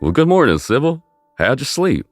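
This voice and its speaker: A man playing a loving middle-aged wizard father who speaks earnestly and gently. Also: mid-range voice, big pitch swings, moderate pace, soft background music, voice pushed up, close to an everyday voice. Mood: cheerful.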